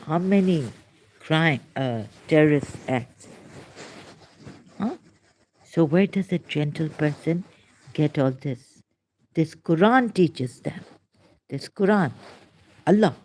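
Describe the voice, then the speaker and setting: A woman delivers an impassioned monologue in a low, mellow voice. She talks slowly and emotionally, often stopping to restart her sentences. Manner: emotional, halting, with many pauses and restarts. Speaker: religious critic vlogger.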